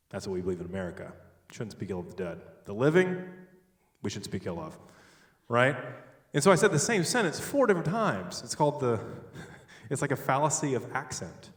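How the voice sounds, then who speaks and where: A man giving a sermon-style talk on logic, animated and joking, with sudden loud stresses. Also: on the low side, a little fast, distant mic. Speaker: speaker at a church. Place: large church hall. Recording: echoey hall, picked up from afar.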